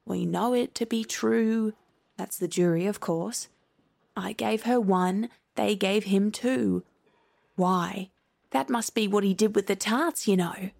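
A woman's voice: medium pitch, takes it slowly, vocal fry, darkish tone, dry recording. A woman reading a storybook aloud, voicing a fussy, pompous king of cards who mutters over the evidence and sounds pleased with himself.

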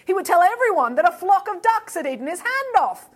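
A woman's voice: very high-pitched, sing-song, brisk, pitched above the performer's own voice. A woman with an Australian accent playing a dry, matter-of-fact mother in a children's story. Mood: wry.

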